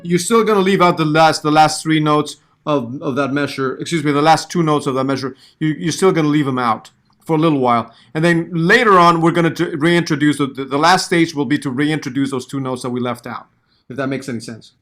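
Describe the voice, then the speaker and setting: A man's voice: a little high, a little fast, fairly bright tone. A man giving a piano lesson, patiently counting beats aloud and singing the rhythms he wants. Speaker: piano teacher. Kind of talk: online music lesson.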